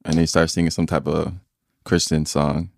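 A man's voice: a bass voice, level tone, moderate pace, gravelly, darkish tone, a little hiss or hum. A young man from Nigeria co-hosting a podcast, chatting casually and joking with a laugh. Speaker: podcast co-host. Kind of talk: casual chat.

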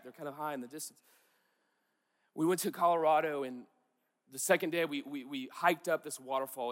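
A man's voice: fairly high pitch, fairly bright tone, long reverb tail. A man preaching a sermon in an earnest, conversational way, repeating key words for emphasis. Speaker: pastor.

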